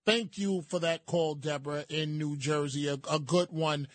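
A man's voice: a little high, steady tone, moderate pace, no room sound. A man hosting a call-in radio talk show, pressing a caller with repeated interruptions.

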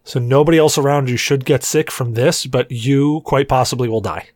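A man's voice: mid-range voice, normal speed, darkish tone, dry recording, clean studio sound. A man hosting a podcast, teasing his guests in crude joking banter. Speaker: podcast host.

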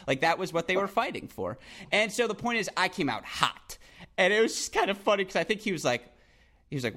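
A man hosting a podcast, telling stories in an excitable, rambling way and acting out quotes. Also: high voice, brisk. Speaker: podcast host. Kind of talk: casual podcast chat and storytelling.

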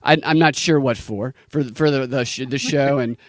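A man's voice: medium pitch, normal speed, no room sound, clean studio sound. A man hosting a casual podcast chat, enthusiastic and teasing, rambling as he goes.

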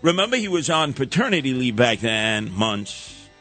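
A man's voice: medium pitch, big pitch swings, moderate pace, a bit bright, faint music behind. A man hosting a talk radio show, ranting sarcastically with mocking sing-song asides.

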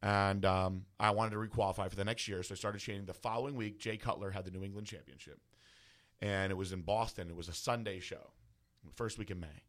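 Male guest, deep voice, candid profane personal story. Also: steady tone, fairly quick, a bit bright. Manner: casual, profane, heavy use of filler words. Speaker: guest bodybuilder.

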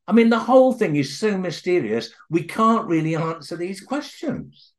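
Older Englishman with a lively, swooping voice. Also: sits high. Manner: halting, with many restarts, then eager and animated. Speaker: guest author and researcher. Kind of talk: storytelling in an interview.

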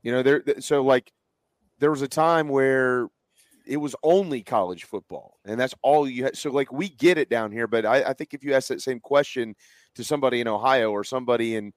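A man's voice: mid-range voice, a little fast, dry recording. A man with a Southern US accent hosting a casual sports podcast, leading the talk and handing off to his co-hosts. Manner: conversational, hands off to co-hosts. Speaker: podcast host.

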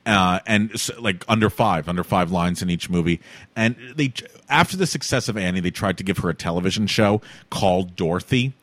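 A man's voice: sits low, fairly quick, a bit bright, no echo. A man in casual chat as a podcast co-host, talking with enthusiastic emphasis.

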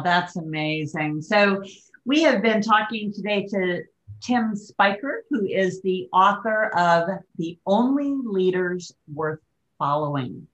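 Lady podcast host, low voice, slow and easy, kinda dull lo-fi sound. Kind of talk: interview hosting.

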